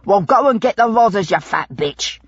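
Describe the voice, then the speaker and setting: Casting: woman doing a hulking rough man, husky and low, muffled audiobook sound. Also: very animated, measured pace, dry recording, full character voice. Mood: savage. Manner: rough, belligerent, coarse slang. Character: burly gruff male London lodging-house man.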